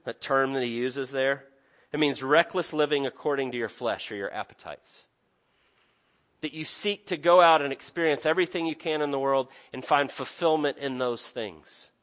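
A man's voice: mid-range voice, normal speed, a bit bright. A young man preaching a sermon in an earnest, conversational way, often restarting his sentences. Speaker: pastor.

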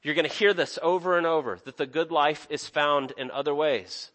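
A young pastor with a slightly high, fairly bright voice preaches a sermon at normal speed. He sounds earnest and conversational, frequently restarting his sentences.

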